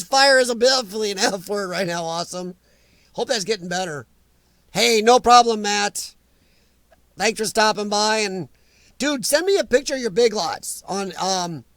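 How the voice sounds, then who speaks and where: A man's voice: sits high, a bit bright, dry recording. A middle-aged man, hosting a casual live chat, teasing and joking with commenters. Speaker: livestream host reading chat.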